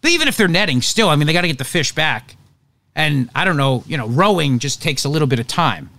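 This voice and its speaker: A male talk show host with a fairly high voice delivers opinionated political commentary. He is emphatic and sarcastic and often restarts his sentences. He is recorded dry and close in a studio. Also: big pitch swings, quick pace, sharp tone, no echo.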